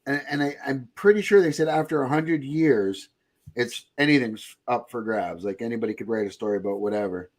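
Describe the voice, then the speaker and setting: Guy hosting a pop culture podcast, jokey and rambly, casual. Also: medium pitch. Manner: joking, rambling, quick to laugh. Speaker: podcast host. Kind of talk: casual chat.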